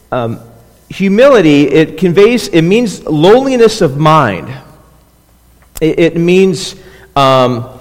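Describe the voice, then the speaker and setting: A man preaching a conversational sermon as pastor, often checking in with listeners and restarting phrases. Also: fairly high pitch. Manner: restarts and repeats words. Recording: long hall reverb.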